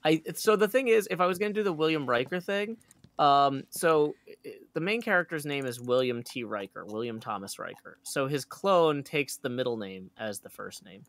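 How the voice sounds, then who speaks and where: A man co-hosting a live stream, with a gravelly, creaky voice at a middle pitch. He rambles casually and fills his talk with hedges and restarts. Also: animated, normal speed, fairly bright tone, no room sound. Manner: rambling, full of fillers. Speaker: stream co-host.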